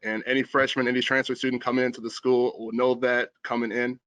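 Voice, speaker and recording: Casting: young male student host, mid-pitched, close and dry, earnest and formal on a video call. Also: flat delivery, fast talker, fairly bright tone, no room sound, poor audio. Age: young adult. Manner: earnest, polite, formal introductions. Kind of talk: hosted panel talk.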